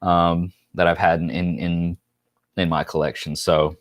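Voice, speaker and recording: A man's voice: deep voice, flat delivery, a little slow, dry recording, studio quality. A man from New York hosting a casual live stream, joking and rambling as he reads viewer comments aloud.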